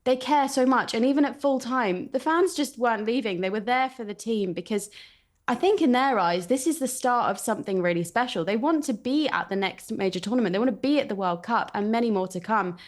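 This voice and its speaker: A woman talking football as a pundit, earnest and measured. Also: fairly high pitch. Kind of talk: casual football chat.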